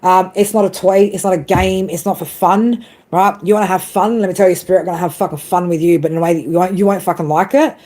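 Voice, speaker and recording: A woman chatting casually on a live stream, telling a story with lots of swearing and lively asides. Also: on the low side, fast talker. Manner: swears a lot, animated storytelling. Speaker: tarot reader.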